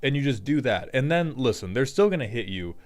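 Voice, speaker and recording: A man's voice: medium pitch, very animated, a little fast, a little mellow. A man hosting a casual, jokey commentary on a card game deck, rambling with profane asides. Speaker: host.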